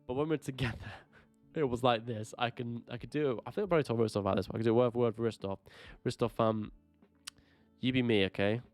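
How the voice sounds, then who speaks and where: A man's voice: mid-range voice, fairly even intonation, quick pace, a little mellow, dry recording. A man co-hosting a casual podcast, rambling through stories, laughing often and swearing freely. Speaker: podcast co-host. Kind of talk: casual chat. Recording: dry with faint music.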